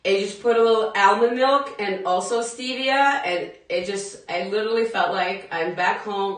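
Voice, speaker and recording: Recorded on a distant phone in an echoey room, a woman fitness instructor talks to viewers mid-class during a live workout, laughing a lot and addressing them directly. Her voice is medium in pitch and fairly bright, with fairly even intonation and a normal pace.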